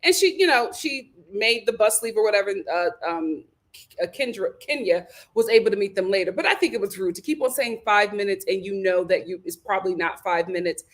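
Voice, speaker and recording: A young woman hosting a casual live review chat, animated and laughing, acting out quotes. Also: mid-range voice, fairly quick. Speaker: host of a reality TV review show.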